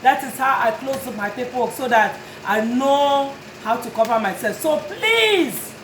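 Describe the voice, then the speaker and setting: A woman's voice: high-pitched, lively intonation, a little slow, reverberant, a little hiss or hum, poor audio. A woman who runs a notary business, speaking straight to her customers in an earnest, pleading but firm way. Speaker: notary and tag and title business owner. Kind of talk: direct-to-camera talk to customers.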